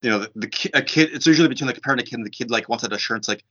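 A man in a casual book discussion, explaining his views in an animated way, with lots of "like". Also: mid-range voice, rapid-fire, hardly any pauses, slightly rough. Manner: animated, filler-heavy explaining. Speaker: discussion participant. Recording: dull lo-fi sound.

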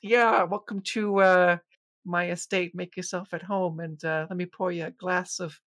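A podcaster puts on a goblin crime boss who speaks in a slow, hushed drawl. He plays the gracious host while making offers no one should refuse. The voice sits a touch above the speaker's normal pitch and stays quiet. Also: steady tone, no room sound, clean studio sound, close to an everyday voice. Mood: menacing hospitality. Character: smooth mafioso goblin crime boss, male. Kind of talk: impression within casual podcast chat.

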